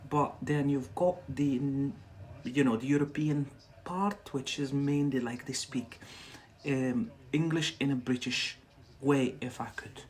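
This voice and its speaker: A man with a Scottish accent runs a livestreamed English lesson, chatting casually and going over each word again slowly. His delivery is unhurried and deliberate, at a mid pitch. He sounds like an online teacher talking to viewers. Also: fairly even intonation, a little mellow. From Scotland. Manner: chatty, repeats words slowly for learners.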